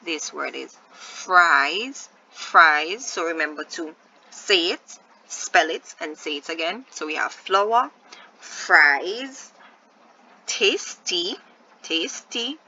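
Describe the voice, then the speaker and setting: A woman teacher runs a recorded phonics lesson, slowly sounding out each letter and questioning her pupils. Her fairly low voice is bright, crisp and animated, with a gravelly edge. The lo-fi recording is dull, with a faint hiss underneath.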